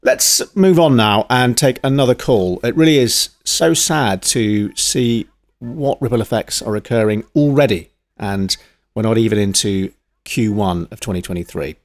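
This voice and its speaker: A man's voice: fairly low pitch, moderate pace. Polite, flustered radio host man. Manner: polite, mildly flustered presenter. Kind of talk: comedic radio phone-in sketch.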